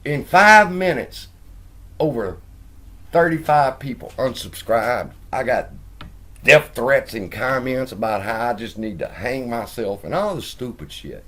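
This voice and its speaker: A man's voice: medium pitch, expressive, unhurried, pushed and bright. A man hosting a finance video, telling stories animatedly, acting out the quotes and swearing. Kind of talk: casual commentary.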